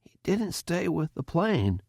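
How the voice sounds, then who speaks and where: A jittery young male cadet, voiced by a male audiobook narrator, pitched well above his usual voice. He stammers and pushes through his words with mounting anxiety, close and dry on the mic. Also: measured pace, no echo. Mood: haunted. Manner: stammering, anxious, rising into panic.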